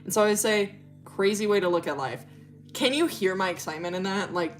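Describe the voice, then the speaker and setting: A woman's voice: medium pitch, lively intonation, brisk, soft background music. A young woman from Wyoming telling a dating story in a casual, profane storytime chat, with bursts of shrieking laughter. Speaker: streamer.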